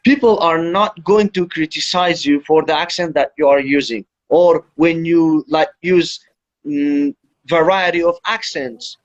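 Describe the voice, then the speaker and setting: A man's voice: fairly high pitch, a little slow. Man teaching English on a lo-fi live stream. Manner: explains step by step, instructive. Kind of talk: Instagram Live chat. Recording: dull lo-fi livestream audio.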